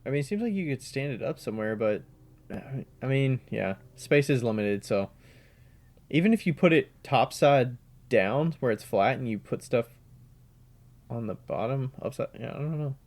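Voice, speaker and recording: A man's voice: mid-range voice, lively intonation, moderate pace, a little mellow. A man co-hosting a podcast in casual chat, mostly giving short reactions and dry teasing remarks. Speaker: podcast co-host.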